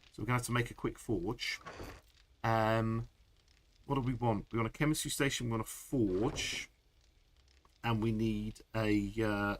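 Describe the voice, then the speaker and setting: A man's voice: medium pitch, a bit bright. Guy streaming a survival game, talks to chat and laughs a lot, faint hiss. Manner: chatty, laughs often, reads chat aloud. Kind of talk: live gameplay commentary.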